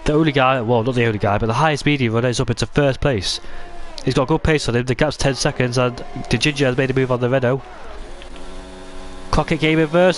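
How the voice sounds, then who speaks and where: An excitable man calls a racing game league in a loose, chatty way, often stumbling and restarting mid-sentence. His voice sits at an ordinary middle pitch. A faint hiss runs underneath. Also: brisk. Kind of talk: casual live commentary on a racing game.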